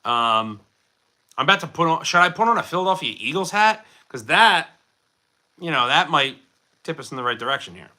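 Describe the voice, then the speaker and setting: A livestream host with a slightly high, sing-song voice talks a little fast, sounding pushed and bright. He rambles through viewer chat with lots of fillers, joking and poking fun at himself.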